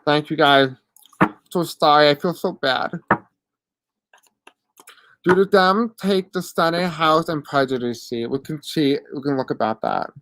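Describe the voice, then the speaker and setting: Answering questions from chat and giving live readings, this host speaks with a deaf accent in a hesitant, apologetic manner packed with fillers. The voice is mid-range and fairly bright, and the recording is dry.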